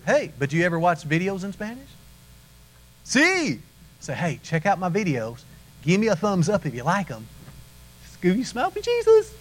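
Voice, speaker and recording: A middle-aged man preaching to his congregation in a lively storytelling way. His voice sits a little high for a man, and he slips into acted-out voices as he goes. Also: rough recording. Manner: animated storytelling, acts out voices. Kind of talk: sermon.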